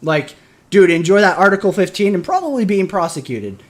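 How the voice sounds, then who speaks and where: A man's voice: high voice, big pitch swings, fairly quick. A man, a military veteran, chatting casually on a stream and ranting with lots of profanity. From Michigan. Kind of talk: casual chat.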